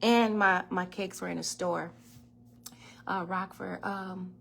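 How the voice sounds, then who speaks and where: A woman's voice: lowish voice, fairly even intonation, takes it slowly, vocal fry, a bit bright, slight background noise. A woman talking casually on a kitchen livestream as host, telling stories with laughs and the odd swear word. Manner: chatty storyteller, laughs and swears freely. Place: home kitchen. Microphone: phone or webcam in a home kitchen.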